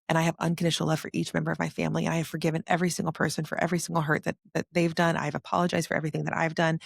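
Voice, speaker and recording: A woman hosting a podcast, telling her story in earnest rapid bursts. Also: sits low, vocal fry, no room sound, studio quality. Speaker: podcast host. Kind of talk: casual conversation.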